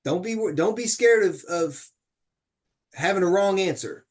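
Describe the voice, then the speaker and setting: A fairly high-voiced man leads an online horticulture class. He talks in a casual, teasing way, stops to put questions to his listeners, and keeps the lesson chatty rather than formal. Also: animated, unhurried. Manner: conversational, teasing, asks the audience questions. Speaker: horticulture educator. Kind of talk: online webinar lecture.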